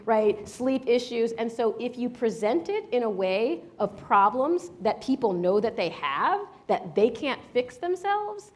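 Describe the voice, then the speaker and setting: A woman leading a live workshop, answering audience questions in an energetic, emphatic, conversational way. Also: medium pitch. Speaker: workshop leader.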